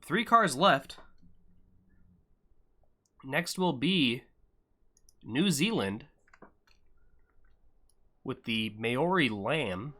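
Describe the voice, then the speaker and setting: Young male stream host; bright, punchy tone, loose joking commentary, pokes fun at himself. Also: medium pitch, animated, drawn-out words, pauses often. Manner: joking banter with chat, self-deprecating. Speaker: livestream host and event commentator. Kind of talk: casual live-stream commentary.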